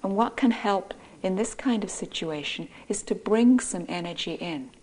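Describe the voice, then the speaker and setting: A middle-aged woman giving a gentle dharma talk as a meditation teacher, often speaking softly and breathily. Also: medium pitch, expressive, normal speed, poor audio. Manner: gentle, soft-spoken, often breathy and near-whispered. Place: meditation hall.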